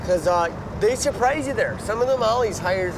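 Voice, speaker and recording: A man's voice: high-pitched, expressive, moderate pace, background noise. A man imitating a laid-back film character who raves about bowling-alley burgers and swears casually. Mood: enthusiastic.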